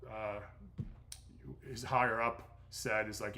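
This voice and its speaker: A middle-aged man talks loosely through viewer questions on a livestream. His voice is bright and a little tense, his speech blunt and salted with profanity. He rambles, restarts and leans on fillers as he goes. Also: medium pitch, steady tone, moderate pace. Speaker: strength coach answering viewer questions. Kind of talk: casual livestream Q&A.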